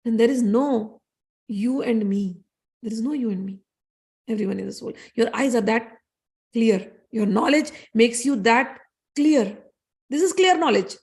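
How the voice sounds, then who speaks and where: A woman's voice: fairly high pitch, creaky, darkish tone. A woman giving an earnest scripture discourse as a spiritual teacher, repeating key phrases as she explains a story.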